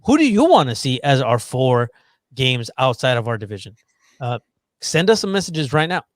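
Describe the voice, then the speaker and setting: A man co-hosting a sports podcast in casual chat, lively and teasing as he explains the schedule. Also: mid-range voice, moderate pace, no echo, clean studio sound. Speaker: podcast co-host.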